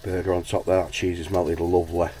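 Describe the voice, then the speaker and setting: A man's voice: low voice, little pitch movement, fast talker, mellow, slight background noise. A man talking casually to his viewers while he cooks in a camper van, filming on a handheld camera and often calling them guys. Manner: chatty, keeps addressing viewers as guys. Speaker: van life vlogger. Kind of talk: casual vlog narration while cooking. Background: food frying in a pan.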